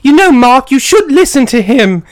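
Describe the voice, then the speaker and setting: A man voicing a prim, educated young British woman in a put-on British accent, scolding in a high, loud voice. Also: very animated, moderate pace, noisy background.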